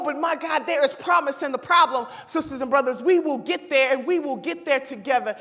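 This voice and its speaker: A woman giving an impassioned political speech at a convention, with a fiery, preacher-like cadence and shouted repetitions. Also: sits high, moderate pace, hardly any pauses. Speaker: convention speaker. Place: large convention hall. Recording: long hall reverb.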